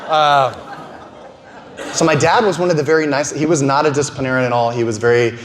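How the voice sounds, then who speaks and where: A man in his forties doing an animated stand-up comedy set and throwing quick asides to the crowd. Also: medium pitch. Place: comedy venue stage. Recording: roomy venue with background noise.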